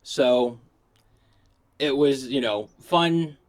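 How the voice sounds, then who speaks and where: A middle-aged man from Pittsburgh riffs through a comic monologue. He speaks without a regional accent. His delivery is crude and rambling, and he is quick to poke fun at himself. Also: medium pitch. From Pittsburgh, USA. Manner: crude, rambling, self-mocking. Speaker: comedian vlogger. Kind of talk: comedic monologue.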